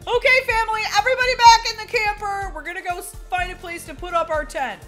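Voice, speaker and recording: A woman's voice: extremely high pitch, fairly even intonation, fast, soft background music. A woman voicing an eager, stubborn dad set on a camping trip in a game role-play, upbeat and insistent. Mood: cheerful. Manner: upbeat, insistent, bursts into yelling. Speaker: roleplay gamer.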